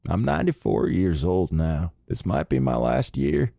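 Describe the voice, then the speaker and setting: A man voicing a ninety-year-old World War Two fighter pilot with a slow, raspy voice and a Southern accent. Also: sits low, big pitch swings, dark tone, dry recording, studio quality, full character voice. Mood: kindly. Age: 90s. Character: very old male WWII fighter pilot, tired, gentle.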